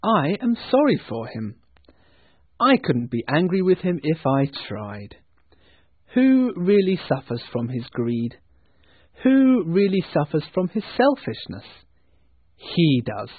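A man's voice: a little high, big pitch swings, slow pace, husky, no room sound, pitched above the performer's own voice, heavily acted. A man reading the part of a cheerful, earnest young nephew in a storybook, with a raised, emphatic voice. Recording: tinny phone-like sound.

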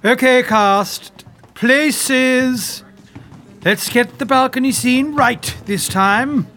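A man playing Mister G, a calm school drama teacher directing his cast. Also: very high voice, drawn-out words, faint music behind, heavily acted.

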